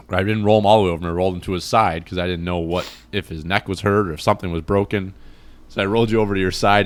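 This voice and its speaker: A man hosting a podcast, telling a story in an animated, rambling way with lots of restarts. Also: deep voice. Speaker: podcast host. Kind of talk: casual storytelling chat.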